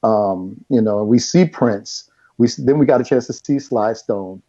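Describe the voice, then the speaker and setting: A middle-aged man telling a story as a guest, animated and laughing as he goes. His voice is mellow and dark. The audio is dull and lo-fi. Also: mid-range voice, a little slow. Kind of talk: storytelling in casual chat.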